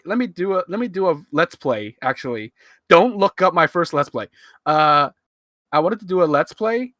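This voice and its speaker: A man's voice: on the high side, a bit bright, dry recording, clean studio sound. A man in his twenties from Hong Kong with a half-American Hong Kong English accent. He rambles and chuckles through casual commentary into a cheap USB mic. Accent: Hong Kong English, partly American-leaning. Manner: rambling, chuckling, self-mocking. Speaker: streamer commenting on his old video. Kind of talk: casual live-stream commentary. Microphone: cheap USB microphone.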